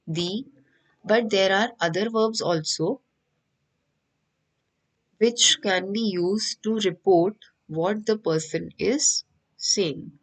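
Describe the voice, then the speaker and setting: A woman's voice: mid-range voice, poor audio. A woman with an Indian English accent teaching an online French class, patiently repeating each point.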